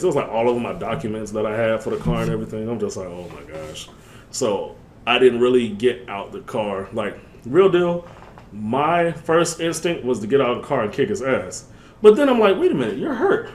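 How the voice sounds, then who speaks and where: A young man casually telling a story on his vlog in loose slang, jumping up in pitch when he quotes himself. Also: a little hiss or hum. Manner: animated, jumps up in pitch when quoting himself; loose slangy talk with many fillers. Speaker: vlogger.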